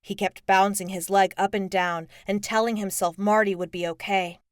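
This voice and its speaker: A woman reading an audiobook in a steady, measured narration. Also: mid-range voice, no room sound, studio quality.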